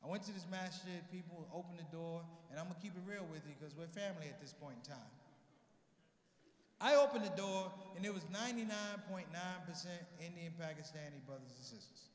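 Male stand-up comic, high-pitched, plays every voice in his stories; live hall sound, roomy echo. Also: a little fast. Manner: animated storyteller, acts out both sides of dialogue. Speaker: stand-up comedian. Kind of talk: stand-up comedy storytelling. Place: large convention hall, live audience. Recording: echoey hall with long reverb.

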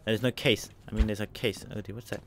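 A man rattles through live game commentary in a fairly low voice, narrating each step and spelling words letter by letter. A faint hiss and the odd click sit behind him. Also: fairly even intonation, fast. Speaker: let's play gamer.

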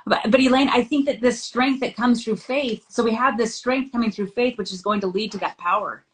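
A woman's voice: fairly high pitch, fairly quick, rough recording. A middle-aged woman hosting a scripture study discussion. She talks in an earnest way, reads passages aloud and tells family anecdotes. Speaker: host.

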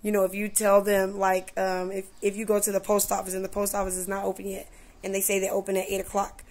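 A woman vlogging in a casual, chatty way, full of "you know" and "like", who acts out conversations with lively voices. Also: mid-range voice, quick pace. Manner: animated, acts out dialogue in voices. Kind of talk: casual storytelling vlog.

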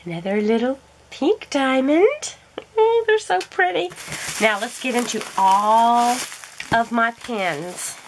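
A woman's voice: a little high, lively intonation, slow pace, slight background noise. A woman gushing and gasping with delight as she unboxes a craft haul for her vlog. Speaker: crafting vlogger.

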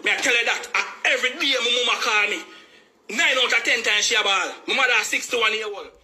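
Male, Jamaican accent, worked-up and emphatic, very bright, piercing tone. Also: very high voice, brisk, a little hiss or hum. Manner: agitated, repetitive, emphatic. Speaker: family member speaking out. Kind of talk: heated personal account.

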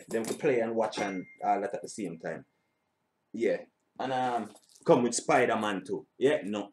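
A man's voice: mid-range voice, slight background noise. A middle-aged man, hosting a reaction video in a rambling, casual way, repeating himself and swearing now and then. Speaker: reaction channel host.

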